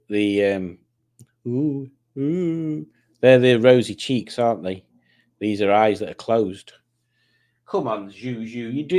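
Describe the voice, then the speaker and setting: This is a man at a middle pitch, hosting a relaxed stream from home. He reads viewer comments aloud, jokes about them and rambles between answers in a casual, chatty way. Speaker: livestream host.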